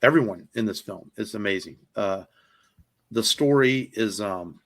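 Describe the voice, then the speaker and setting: A man's voice: fairly low pitch, unhurried, fairly bright tone. A man on a podcast chatting casually about films, enthusiastic and rambling, with lots of fillers and the odd swear word. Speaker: podcast co-host. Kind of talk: casual movie review chat.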